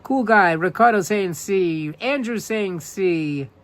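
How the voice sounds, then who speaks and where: Slow-talking New man hosting a live quiz. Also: sits high, animated, a bit bright. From New York. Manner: upbeat, repeats questions and greets viewers by name. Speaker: live-stream host. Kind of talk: live-stream trivia quiz, reading viewer answers.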